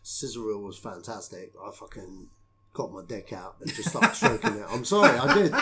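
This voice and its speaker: A man's voice: on the low side, very animated, normal speed, a crowd in the background. A man co-hosting a casual film podcast, crude and jokey, swearing freely. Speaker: podcast co-host.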